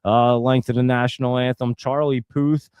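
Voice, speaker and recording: A man's voice: medium pitch, level tone, normal speed, darkish tone, clean tone, no room sound. A young man hosting a casual livestream, rambling and thinking aloud as he talks to viewers. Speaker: host.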